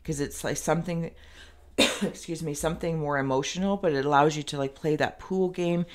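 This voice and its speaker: A woman's voice: deep voice, fairly even intonation, fairly quick. A woman giving an intuitive tarot reading straight to the viewer, rambling and meandering as she works through the cards. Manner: speaks directly to the viewer. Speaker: tarot reader.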